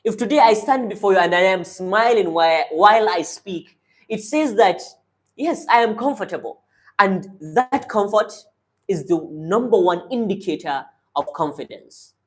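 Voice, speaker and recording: A man's voice: high-pitched, lively intonation, normal speed. A man teaching public speaking as a coach, giving direct, instructive tips in short commands. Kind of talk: motivational speaking lesson.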